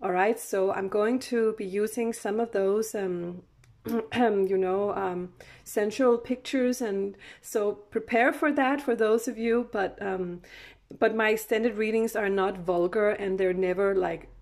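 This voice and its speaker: A woman's voice: mid-range voice, takes it slowly, a little mellow. A woman talks through a tarot reading in an easy, chatty way, laughing often and stopping to restart her sentences. She speaks unhurriedly, letting words stretch out, and sounds close to a camera mic. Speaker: tarot card reader.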